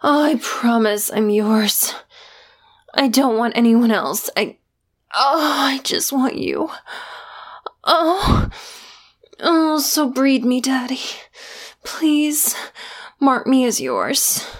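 Very slow, breathy young woman. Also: high-pitched, very animated. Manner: breathy, sighing, often dropping to a whisper. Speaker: adult audio performer. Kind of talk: intimate adult audio role-play.

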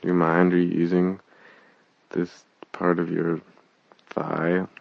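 A woman's voice: rumbling low, level tone, slow, gravelly, no echo. A sleepy woman in playful bedtime chat, mumbling and teasing her partner. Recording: lo-fi, dull sound.

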